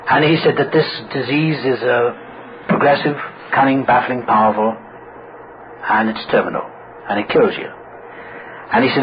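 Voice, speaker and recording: A man shares his own story at a recovery meeting in a wry, humorous way and slips into other people's voices as he tells it. His voice sits at an ordinary middle pitch. The recording is muffled and dull, with a loud noisy background. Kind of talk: humorous personal story told to an audience.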